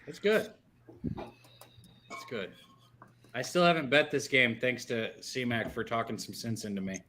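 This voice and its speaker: A man curses freely and talks animatedly during casual banter on a live sports stream. His voice bounces around a lot and sounds bright. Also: medium pitch, expressive, measured pace.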